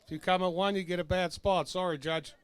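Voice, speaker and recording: A man's voice: sits high, steady tone, brisk, clear, resonant tone. A man emceeing an outdoor party rally, joking casually and introducing speakers. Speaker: event emcee.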